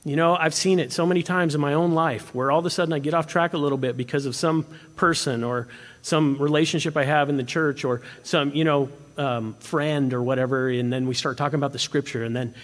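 Animated pastor in a reverberant hall. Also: male voice, a little high, fairly quick. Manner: animated, swinging from emphatic to hushed. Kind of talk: expository sermon. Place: church sanctuary.

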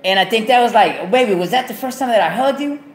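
Loud profane man. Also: high voice, animated, fast. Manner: profane, loud street slang. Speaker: podcast host. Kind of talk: casual storytelling. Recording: echoey room.

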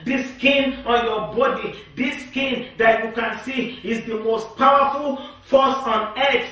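A woman preaches a sermon at a slow, deliberate pace, repeating each point with emphasis. Her voice sounds distant from the mic in a strongly echoing room. Her tone is bright. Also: on the high side, steady tone. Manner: repetitive, emphatic declarations.

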